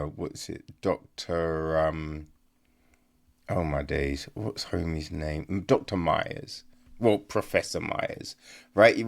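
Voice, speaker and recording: A man giving a casual, rambling podcast film review, exasperated, full of fillers and rhetorical questions. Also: mid-range voice.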